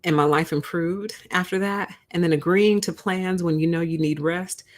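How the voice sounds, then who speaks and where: A woman's voice: lowish voice, fairly even intonation, moderate pace. A young adult woman hosting a casual livestream, talking bluntly and candidly, laughing often and acting out what she said to others. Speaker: livestream host.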